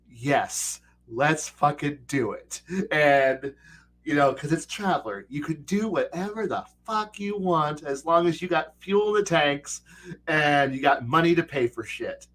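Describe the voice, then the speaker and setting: A middle-aged man chatting casually about tabletop gaming, animated and profane, often acting out players' lines. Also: on the high side, a little slow. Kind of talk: casual streamed chat.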